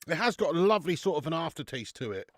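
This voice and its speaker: A man's voice: fairly high pitch, big pitch swings, fast talker, no room sound, studio quality. A young man chatting casually on a live stream, reviewing beer, bantering with viewers and swearing now and then.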